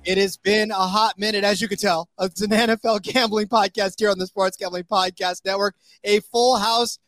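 A man with a fairly high voice hosts a sports betting podcast, chatting loosely and joking with his co-hosts. He leans on plenty of "uh"s as he talks. The sound is close and dry. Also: fairly even intonation, normal speed, fairly bright tone, no echo, soft background music. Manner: chatty, jokey, many fillers. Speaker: podcast host. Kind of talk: casual sports betting chat.

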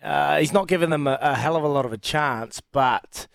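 A man's voice: on the high side, moderate pace, gravelly, no room sound. A man from New Zealand with a New Zealand accent, a former rugby player chatting casually as a radio guest, enthusiastic and often restarting his sentences. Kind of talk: casual sports radio chat.

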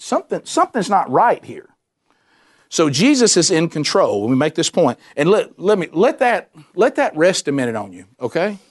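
A man preaching a sermon, animated and emphatic, repeating himself and dropping suddenly to a quiet voice. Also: a little high. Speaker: pastor.

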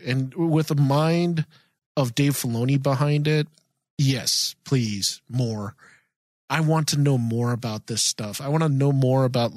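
A man co-hosting a podcast in a casual chat, excited and rambling with frequent restarts. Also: mid-range voice, no room sound. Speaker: podcast co-host.

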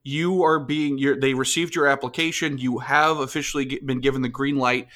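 A young man co-hosting a comedy podcast, deadpan, who slows down to read fake messages aloud. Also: mid-range voice. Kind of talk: improvised comedy bit.

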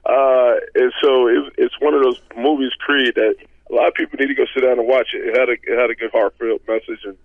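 A man in his thirties, a former football player as guest, telling stories in relaxed chat with many fillers, heard over a phone line. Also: mid-range voice, brisk, no echo. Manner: conversational storyteller, many fillers. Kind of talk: casual interview talk.

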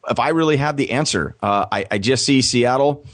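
Measured man as a podcast guest. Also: medium pitch, fairly bright tone. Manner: measured, spells out his website slowly. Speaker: guest, press box announcer and career coach. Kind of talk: podcast interview.

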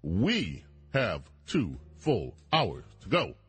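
A man's voice: sits low, huge pitch swings, drawn-out words, breathy edge. A man hosting a talk radio show, delivering an emphatic monologue straight to his listeners. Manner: emphatic, addresses listeners directly.

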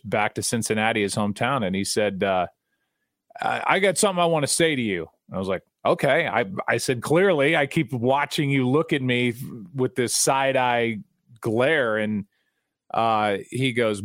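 Middle-aged male broadcaster, mid-pitched, animated storyteller, dry close mic. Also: no echo. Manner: animated, repeats words when starting sentences. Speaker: guest broadcaster. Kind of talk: casual storytelling.

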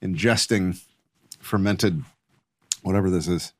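A man's voice: deep voice, unhurried. A man talking as a guest in a casual conversation, arguing his points emphatically with rhetorical questions.

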